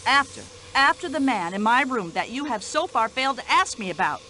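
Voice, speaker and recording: A shrill, chatty older American widow in a mystery game. Her voice sits high and leaps all over the place with a bright, sharp edge. She sounds permanently put out and quick to take offense. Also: sing-song, a little hiss or hum, heavily acted. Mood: indignant. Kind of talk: video game voice acting.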